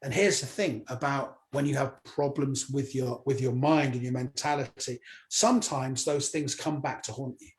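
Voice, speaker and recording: A man, a stand-up comedian, telling a personal story as an interview guest, lively and acting out what others said. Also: mid-range voice, normal speed, few pauses. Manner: lively retelling, acts out others' lines.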